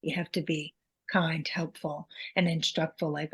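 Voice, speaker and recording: A woman's voice: lowish voice, steady tone, moderate pace, husky. A middle-aged woman co-hosting a podcast, talking candidly and reflectively about her own parenting mistakes. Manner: candid, confessional, acts out quotes in a sharper voice. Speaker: podcast co-host. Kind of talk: reflective casual chat.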